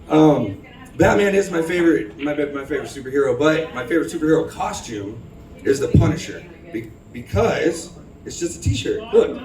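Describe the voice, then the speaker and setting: This Houston, Texas man does a self-deprecating open-mic stand-up set on a bar stage, rambling along with many ums and restarts. He speaks at a moderate pace in a slightly high, a little mellow voice with lively intonation. The low-quality recording is echoey and captured from a distance.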